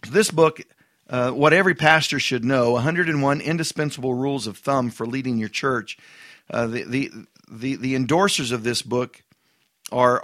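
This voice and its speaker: A man's voice: mid-range voice, a bit bright, no echo. A man, a pastor, reviews a book in a loose spoken style. He stumbles and repeats words, then pushes hard on emphatic asides. His voice sits in a middle range and sounds dry and close.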